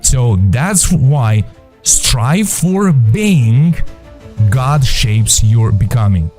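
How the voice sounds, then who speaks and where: A man teaching a faith-based motivational masterclass, emphatic and repetitive, with slow deliberate phrasing. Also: mid-range voice, lively intonation, warm tone, faint music behind.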